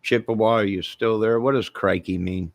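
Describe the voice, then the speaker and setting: A man's voice: on the low side, fairly even intonation, moderate pace, dry recording. A man casually chatting with his viewers in a rambling, playful, jokey way. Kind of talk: casual live chat.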